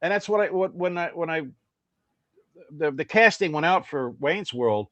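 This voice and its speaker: An older man tells winding anecdotes as a podcast guest, circling back and restarting as he goes. His voice sits fairly high for a man. The sound is dry and close. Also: normal speed, dry recording, muffled recording. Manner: rambling, animated storyteller. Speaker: guest musician. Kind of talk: casual anecdotal interview.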